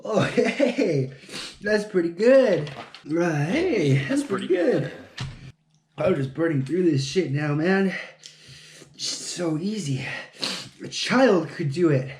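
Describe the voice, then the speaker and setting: A man talks to the camera in a slightly high voice, swearing freely and mocking himself under his breath. His pace is slow and drawn out. The room gives him a noticeable echo. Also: animated, a little mellow, slight background noise. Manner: profane, mumbling to himself, self-mocking. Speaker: vlogger. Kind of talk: casual solo vlog talking to camera while building. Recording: echoey room.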